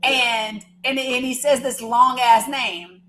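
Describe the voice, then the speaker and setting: A woman's voice: a little high, fairly even intonation, takes it slowly, fairly bright tone, a little hiss or hum, rough recording. A woman hosting a livestream, telling a story in a rambling, chatty way and teasing her viewers, with the odd swear word. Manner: casual swearing. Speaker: livestream host. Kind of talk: casual storytelling to a live chat.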